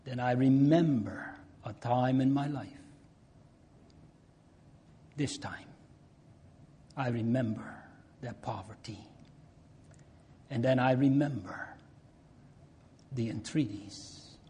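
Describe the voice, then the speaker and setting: Male preacher, slow delivery, soft dark tone, rises to loud appeals then drops to near-whispers. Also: mid-range voice. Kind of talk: sermon.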